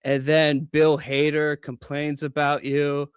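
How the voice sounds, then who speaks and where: Deadpan male caller, dry sound. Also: a little high, slow pace, clean tone, dry recording. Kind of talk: joking call-in.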